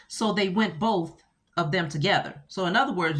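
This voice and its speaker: A woman teaching scripture casually, animated and full of rhetorical questions. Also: medium pitch, moderate pace. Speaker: Bible teacher.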